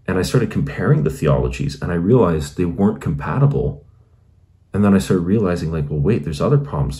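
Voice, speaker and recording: A man's voice: low voice, mellow. A married man hosting his channel, earnestly recounting his conversion story in a casual, reflective way with many fillers and restarts. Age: adult, married. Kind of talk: casual personal testimony.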